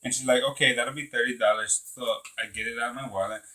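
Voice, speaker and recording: A man's voice: medium pitch, steady tone, fast, pushed and bright, close to an everyday voice. A man improvising a rambling young Mexican man from Tijuana, with a put-on Mexican accent, telling a meandering, flustered story. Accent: put-on Mexican Spanish accent.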